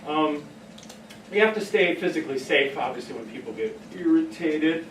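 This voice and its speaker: A man's voice: fairly high pitch, lively intonation, normal speed, fairly bright tone, a little hiss or hum. A man leading a staff training session in a casual, storytelling way, often laughing at his own stories. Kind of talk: workshop talk. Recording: echoey room, heard from a distance.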